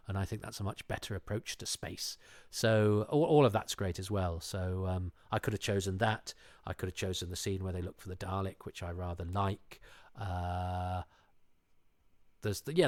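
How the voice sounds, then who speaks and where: Man, low voice, dry close mic, rambly casual podcast chat, lots of restarts. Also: dry recording. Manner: rambling, self-interrupting, frequent restarts. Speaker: podcast guest.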